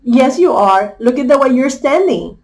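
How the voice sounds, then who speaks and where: A woman's voice: high-pitched, animated, normal speed, darkish tone, voice pushed up. A woman voicing a friendly male gorilla from a storybook who patiently points things out. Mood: cheerful.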